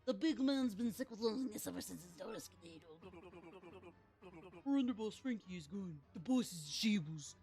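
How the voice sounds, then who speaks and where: A woman voicing a glum mobster gang member in a put-on Brooklyn accent, with a gravelly tough-guy drawl, as she reads out a video game. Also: medium pitch, animated, normal speed, a little mellow, faint music behind, close to an everyday voice. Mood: gloomy.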